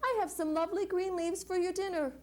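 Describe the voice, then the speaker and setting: A woman's voice: very high voice, fairly even intonation, brisk, darkish tone, voice pushed up. A woman doing a cheerful storybook zookeeper. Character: kind, cheerful male zookeeper. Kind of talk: reading a picture book aloud.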